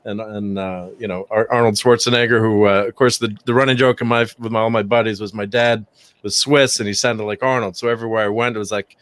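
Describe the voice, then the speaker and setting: A man who is a guest on a casual panel stream, talking in a relaxed way with lots of uhs. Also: lowish voice, fast talker, smooth, no echo. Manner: relaxed, many uhs, light laughs. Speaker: panel guest, channel creator.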